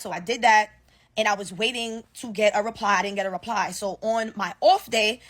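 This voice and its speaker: A young woman telling a casual storytime rant about her job, profane and slangy, acting out what people said. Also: medium pitch. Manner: animated, profane, slangy storytelling with acted-out quotes. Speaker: storyteller ranting about work. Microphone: phone selfie video.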